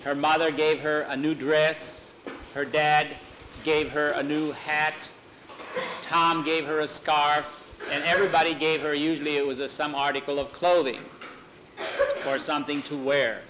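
A man telling a homespun story aloud, halting with fillers as he goes. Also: fairly high pitch, little pitch movement, noisy background. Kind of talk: folksy oral storytelling.

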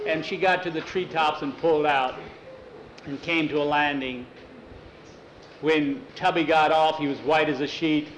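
A man telling a story aloud in a lively, expressive way. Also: on the high side, normal speed, pauses often, dull audio, slight background noise. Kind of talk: animated storytelling. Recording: echoey room with faint ambience.

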